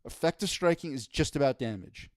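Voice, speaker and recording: A man's voice: mid-range voice, expressive, a little fast, dry recording, clean studio sound. A man co-hosting a casual podcast, ranting with exasperation and lots of swearing. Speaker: podcast co-host.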